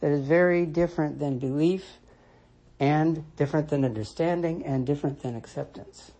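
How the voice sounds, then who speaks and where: An American Christian commentator with a mellow, husky, mid-range voice delivers a reflective solo monologue. He speaks in a measured, deliberate way, restating points for emphasis.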